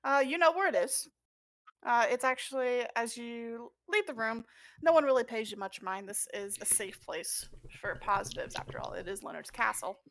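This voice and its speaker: Brief: bright, dry-sounding woman narrating a tabletop game, relaxed and giggly. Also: on the high side, normal speed, dry recording. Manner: giggly, easygoing, descriptive. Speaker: game master.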